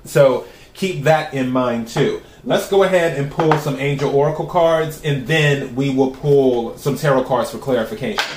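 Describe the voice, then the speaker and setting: A man giving a tarot reading to his viewers. He talks in a calm, even way and asks the cards the same question again and again. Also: mid-range voice, normal speed, echoey room, noisy background. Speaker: tarot reader.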